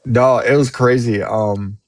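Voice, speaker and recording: A man, a paranormal investigator, chatting casually and excitably, often repeating himself. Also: medium pitch, unhurried. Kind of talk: casual chat.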